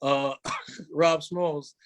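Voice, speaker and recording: A man in his forties, a comedian telling animated stories in a casual interview and slipping into quoted voices. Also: a little high, drawn-out words, clear, resonant tone. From New York. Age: 40s. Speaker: guest comedian.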